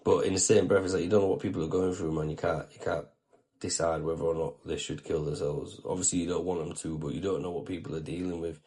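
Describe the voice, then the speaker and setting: A man's voice: deep voice, level tone, fast talker, warm tone. Blunt, swearing young man. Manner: blunt, swears a lot, keeps asking "do you know what I mean". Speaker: video show host. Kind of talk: casual storytelling monologue.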